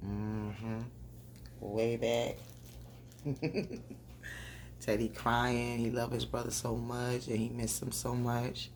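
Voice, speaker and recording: Creaky, chatty woman recapping a show. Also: extremely low pitch, takes it slowly, pauses often, noisy background. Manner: animated, talks straight to viewers, laughs often. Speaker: TV recap vlogger.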